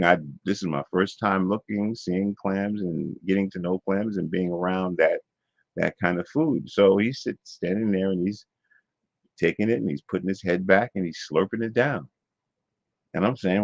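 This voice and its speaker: Gravelly low-voiced man rambling through a story. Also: normal speed, no room sound. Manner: loose, digressive, full of fillers and repetitions. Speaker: vlogger. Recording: dull lo-fi dry sound.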